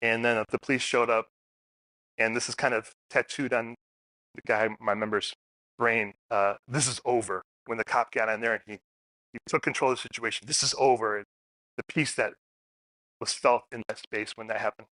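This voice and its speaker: A man's voice: medium pitch, normal speed, long pauses, no room sound. A man giving a personal storytelling talk at a public forum, acting out the people in his stories. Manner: animated storyteller, acts out quotes.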